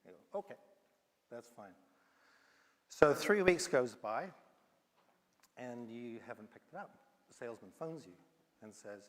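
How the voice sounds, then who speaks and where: A man's voice: mid-range voice, lively intonation, measured pace, pauses often, slight background noise. New Zealand man preaching in a reverberant hall. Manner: storytelling, acts out dialogue with many ums. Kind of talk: sermon with a told allegory. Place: church hall. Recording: long hall reverb from live stream.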